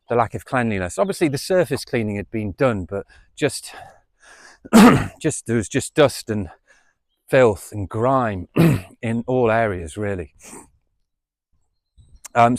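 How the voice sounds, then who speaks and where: A man's voice: medium pitch, dry recording. Guy rambling through a story to camera outside, lots of ums, mid voice, dry close sound. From United Kingdom. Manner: rambling, repeats himself, many fillers. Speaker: vlogger. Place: outdoors in wind. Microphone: small camera mic without windscreen.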